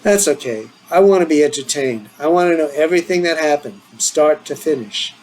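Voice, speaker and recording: A man's voice: a little fast, slight background noise, close to an everyday voice, poor audio. Man voicing a playful, needling teen boy; lift the voice up from your own. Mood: teasing. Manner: playful, needling, higher and brighter than his own voice. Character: teasing eager teenage boy leaving for college.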